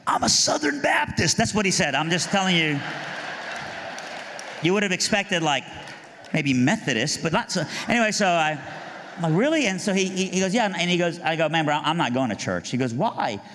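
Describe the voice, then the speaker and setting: A man from Iran telling his life story as a humorous testimony, animated and jokey, jumping high in pitch to act out punchlines and voices. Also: brisk, slight background noise. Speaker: speaker giving a testimony. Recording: long hall reverb.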